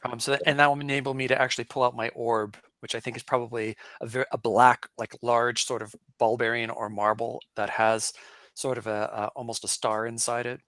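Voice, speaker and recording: A man's voice: mid-range voice, flat delivery, brisk, a bit bright, no echo. Player, male, medium voice, dry close sound, thinking aloud. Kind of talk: casual game talk.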